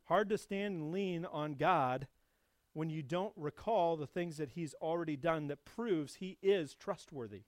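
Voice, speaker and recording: A male pastor delivering a sermon with a fairly high voice. He swells into loud, emphatic stretches and then sinks into quiet, low reflection. The sound is close and dry. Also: a little slow, no room sound. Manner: builds to loud emphatic preaching, then drops soft and low.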